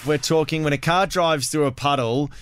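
A man's voice: fairly high pitch, moderate pace, a little hiss or hum. Upbeat Australian male radio host. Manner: energetic, laughs often, enthusiastic. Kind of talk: breakfast radio chat. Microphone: studio microphone.

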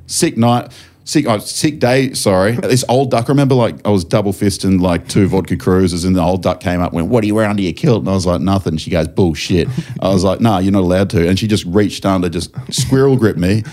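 A man's voice: deep voice, fairly quick, darkish tone. A young man telling a rambling, laugh-filled story in casual podcast chat, swearing freely. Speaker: podcast guest.

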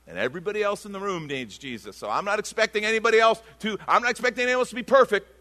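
A man preaching a sermon as pastor, conversational and passionate, with sudden loud bursts. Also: sits high, animated, rapid-fire.

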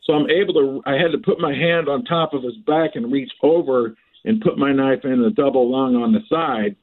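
A man on a podcast as a guest, telling a lively story, often laughing and restarting phrases. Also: mid-range voice, moderate pace. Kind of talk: animated storytelling. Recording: tinny phone-like line.

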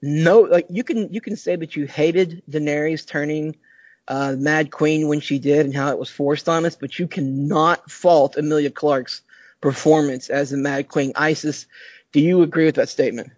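A man's voice: a little high, steady tone, moderate pace, darkish tone, dry recording, highs cut off. A man hosting a podcast, teasing his co-hosts and swearing freely before steering to the topic. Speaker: podcast host. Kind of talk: casual chat.

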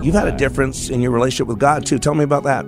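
A man hosting a faith-based radio talk show, energetic and emphatic, interviewing a guest. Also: mid-range voice, racing, music in the background. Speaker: radio host.

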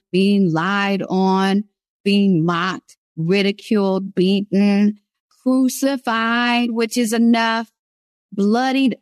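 A woman's voice: fairly low pitch, no room sound, clean studio sound. A woman giving an earnest devotional sermon, stressing key phrases by repeating them. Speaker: women's devotional speaker.

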